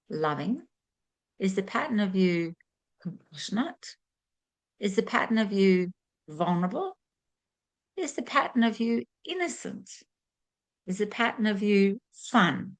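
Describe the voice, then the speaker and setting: A woman giving a spiritual teaching monologue to camera, earnest and fond of repeated rhetorical questions. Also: mid-range voice.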